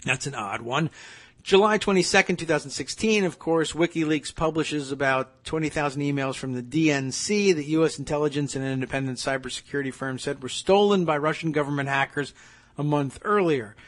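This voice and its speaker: A man's voice: a little high, brisk. A man hosting a political talk podcast, reading news items aloud and breaking off into sarcastic, chatty asides. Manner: sarcastic, chatty asides between read passages. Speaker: podcast host.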